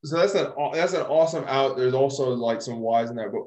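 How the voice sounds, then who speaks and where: A man's voice: medium pitch, fast, darkish tone. A man hosting a casual interview, asking long questions with many restarts. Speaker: podcast host.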